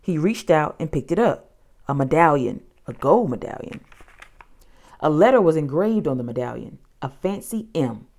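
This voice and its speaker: A woman narrating a children's storybook in an expressive, dramatic way. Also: low-pitched, moderate pace.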